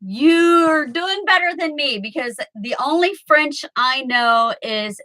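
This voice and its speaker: A woman's voice: a little high, slow, few pauses, bright, forceful tone, poor audio. A woman in her early fifties chatting casually with viewers from home on a webcam, rambling and laughing often. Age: 50s. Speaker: live streamer chatting with viewers. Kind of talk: casual chat.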